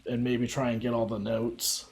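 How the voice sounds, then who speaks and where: A man's voice: medium pitch, little pitch movement, moderate pace, creaky, a little mellow. A man streaming a farming game, rambling casually with many fillers and frequent laughs. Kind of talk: casual gameplay commentary.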